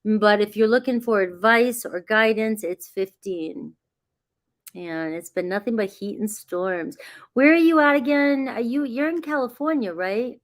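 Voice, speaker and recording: A woman's voice: fairly high pitch, expressive, a little slow. Chatty woman reading tarot live. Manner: chatty, greets viewers by name, laughs often; reassuring, grounding spiritual guidance. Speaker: tarot reader. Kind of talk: casual livestream chat.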